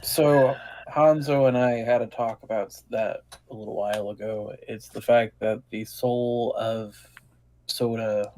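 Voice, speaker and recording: A man playing a tabletop role-play, talking in a halting, hesitant way. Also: on the low side, fairly even intonation, mellow, slight background noise. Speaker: player.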